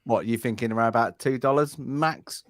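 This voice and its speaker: A man of middle pitch talks in a casual online panel, heard dry and close with no room around him. He works his numbers out aloud, full of uhs and restarts. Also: moderate pace, no echo. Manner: thinks aloud with many uhs. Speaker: panel guest. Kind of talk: casual livestream chat.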